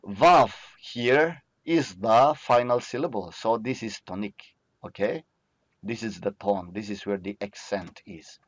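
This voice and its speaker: Male teacher, slow and patient, dry close-miked lo-fi lecture recording. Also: fairly low pitch, no room sound. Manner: slow, patient, asks and answers own questions.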